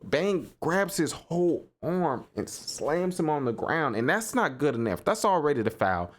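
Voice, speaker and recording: Animated man riffing on basketball. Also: fairly high pitch, unhurried. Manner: animated, repeats himself, laughs and riffs in disbelief. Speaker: sports podcast host. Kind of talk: casual solo sports commentary.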